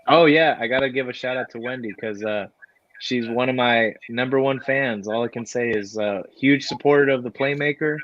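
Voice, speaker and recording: A man, a guest wrestler, telling stories in a relaxed way, with lots of fillers and laughter. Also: mid-range voice, normal speed, slight background noise. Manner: laid-back, many fillers, laughs while telling stories. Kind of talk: casual storytelling. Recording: dry, dull lo-fi audio.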